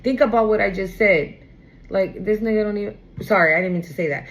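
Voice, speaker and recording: A woman's voice: mid-range voice, a little fast, poor audio. Blunt, slangy woman reading tarot. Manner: blunt, slangy, swears freely; animated, acts out quoted voices. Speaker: tarot reader. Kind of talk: casual spoken tarot reading.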